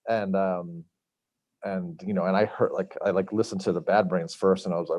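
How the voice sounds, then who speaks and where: A man's voice: on the low side, fairly even intonation, quick pace, darkish tone, no room sound. Rambling middle-aged New man. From Long Island, New York. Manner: rambling, heavy fillers, acts out quotes. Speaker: chef and podcast guest. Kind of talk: casual storytelling interview.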